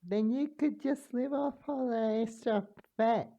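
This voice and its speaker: A man's voice: extremely high pitch, a little slow, vocal fry, mellow, dull audio, voice pushed up, full character voice. A man voicing a cheeky young male student who teases others sarcastically. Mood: mocking. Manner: teasing, sarcastic.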